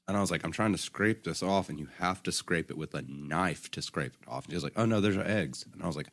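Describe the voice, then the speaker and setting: A young man with a low voice and a forceful, bright edge spins long, rambling stories on a casual podcast. He laughs often as he talks. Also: fairly even intonation, fast talker. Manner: rambling anecdotes with frequent laughs. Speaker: podcast co-host. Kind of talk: casual chat, storytelling.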